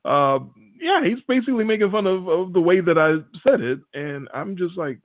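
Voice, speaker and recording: A man's voice: sits high, lively intonation, moderate pace. A man with a Midwestern American accent co-hosting a podcast, telling stories in a rambling, laid-back way. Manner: rambling, laid-back storyteller who swears casually. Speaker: podcast co-host. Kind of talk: casual chat. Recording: tinny phone-like sound.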